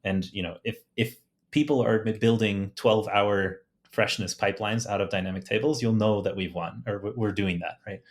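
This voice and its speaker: A man's voice: fairly low pitch, fairly even intonation, normal speed. A man, a guest engineer on a podcast, talking about his work with enthusiasm and frequent restarts. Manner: enthusiastic, fillers and restarts, light laughs. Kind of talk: casual technical chat.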